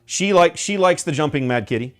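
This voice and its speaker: A man's voice: a little high, expressive, brisk, soft background music. A man chatting casually on a stream as he paints miniatures, rambling with many fillers and restarts.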